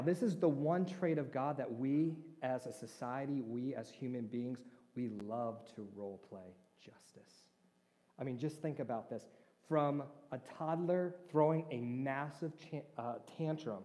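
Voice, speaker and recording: A man's voice: medium pitch, dark tone. A man preaching a conversational sermon, joking with his congregation. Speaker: pastor. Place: church hall. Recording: reverberant church hall.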